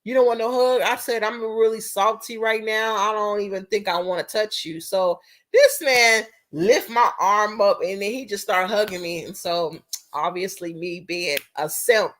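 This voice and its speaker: A young woman talks straight to her viewers in a loose, animated storytelling voice. She is blunt and swears freely, and she jumps between her own lines and the other person's lines as she retells a conversation. Her pitch sits in an ordinary middle range. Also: a little slow. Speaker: vlogger.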